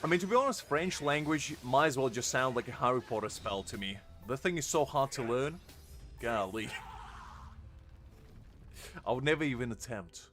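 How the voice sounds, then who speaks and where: A man's voice: mid-range voice, animated, normal speed, long pauses, a bit bright, faint music behind. A tired man streamer in casual live-stream chat, joking and answering his chat. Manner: jokey, laughs often, reads chat aloud. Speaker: game streamer.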